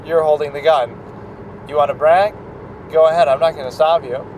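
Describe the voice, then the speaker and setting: A man playing a calm, gloating male cult leader villain, delivering his lines slowly and quietly. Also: fairly high pitch, lo-fi sound, a little hiss or hum, natural voice. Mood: taunting.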